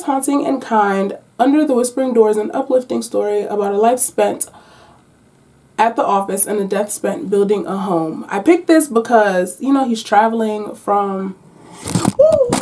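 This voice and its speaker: A woman talks to her viewers about books in a lively, chatty vlog. She uses playful slang and teases her audience. Her voice sits a little higher than most women's. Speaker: book vlogger. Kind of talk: casual chat to viewers. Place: at home.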